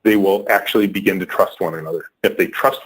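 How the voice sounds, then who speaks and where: Husky low-voiced man telling a story. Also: fast, low-quality recording. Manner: animated storyteller, acts out quoted people. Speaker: guest, company leader. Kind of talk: storytelling in a podcast interview.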